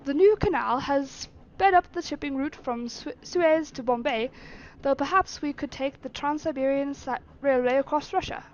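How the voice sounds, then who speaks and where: A woman voicing a reserved English gentleman traveler, terse and calm, with a measured, formal delivery as she reads game dialogue aloud. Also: high-pitched, highs cut off. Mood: composed.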